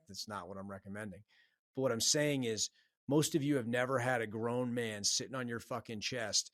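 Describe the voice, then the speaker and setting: A man's voice: mid-range voice, no room sound, studio quality. A man hosting a solo podcast, giving a blunt, profane, fired-up pep talk. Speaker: podcast host. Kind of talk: solo motivational podcast monologue.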